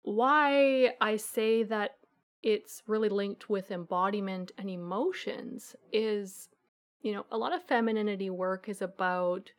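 A woman coach giving an earnest, animated answer in a podcast interview, acting out the voices of her clients. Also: mid-range voice. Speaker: guest coach.

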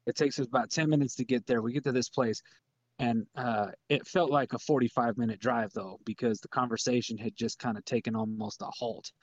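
A man telling a comedic story in a casual, rambling way, often sinking into a low mutter. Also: steady tone, a little fast, dry recording, lo-fi sound. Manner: laid-back, rambling, drops to a low mutter for his own thoughts.

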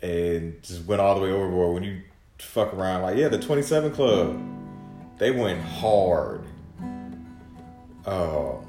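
A man with a very low voice rambles through a loose solo podcast, cursing freely and restarting his sentences. His voice echoes around the room. Faint guitar music plays underneath. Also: animated, unhurried, long pauses, mellow. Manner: rambling, profane, frequent restarts and mumbling. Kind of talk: casual solo monologue.

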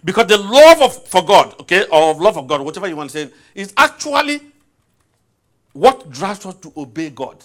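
Man, preacher, sermon, lively rising and falling voice, questions to the congregation, repeats phrases. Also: sits high, normal speed.

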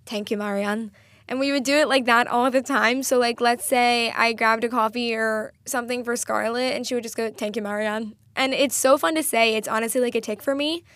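A young woman talks through her own solo podcast in a chatty, enthusiastic way, often laughing at herself. Her voice sits a little high, and the sound is close and dry with almost no room around it. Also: fairly even intonation, a little fast, few pauses, fairly bright tone, no room sound. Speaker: podcast host.

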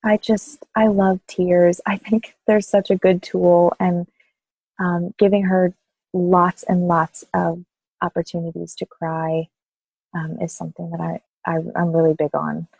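Low, flat-toned woman doula, gentle and reflective; slight fry. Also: measured pace, no echo, rough recording. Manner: thoughtful, gentle, with soft laughs. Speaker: postpartum doula. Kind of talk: interview conversation.

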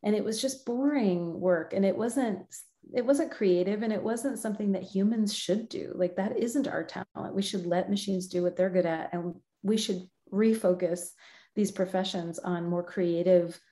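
A woman's voice: mid-range voice, moderate pace, mellow. A middle-aged woman from the United States answering interview questions in a friendly, thoughtful way, laughing often. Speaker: guest, localization professional.

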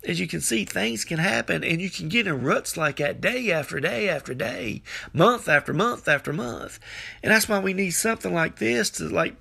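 A man's voice: sits high, vocal fry, bright, forceful tone, breathy edge. A man giving an earnest, folksy devotional sermon into his phone microphone. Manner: earnest, folksy, repeats phrases, exclaims hallelujah. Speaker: podcast preacher.

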